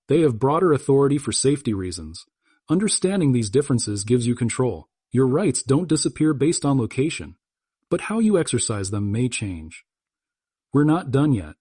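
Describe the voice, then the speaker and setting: A man narrates a scripted explainer in firm, clipped sentences. His voice is husky and his pitch moves a lot. The recording is dry and close, with no room sound. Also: dark tone, no room sound. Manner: firm, instructive, short punchy sentences.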